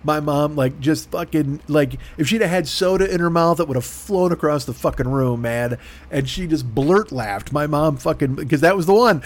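A man's voice: a little high, normal speed. A middle-aged man telling a long, profane, self-deprecating story in a rambling podcast monologue. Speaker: podcast host.

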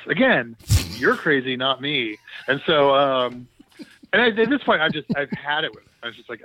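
A man, a former TV producer, tells a story in a relaxed, animated way and acts out the dialogue. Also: mid-range voice, fast talker, no echo, muffled recording. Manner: animated, quotes others in reported dialogue. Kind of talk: casual anecdotal storytelling.

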